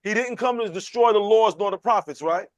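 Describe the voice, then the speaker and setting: A man's voice: a little fast, dry recording. A man leading a conversational Bible class, asking questions and acting out quotes. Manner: animated, playful, acts out quotes with jumps in pitch. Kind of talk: conversational sermon with call and response.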